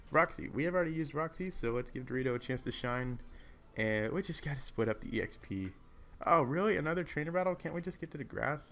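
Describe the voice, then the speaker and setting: A man casually commentating a video game, rambling and easily distracted, keeping his voice down in an echoey hotel room. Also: mid-range voice. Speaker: gameplay commentator. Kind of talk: casual let's play commentary.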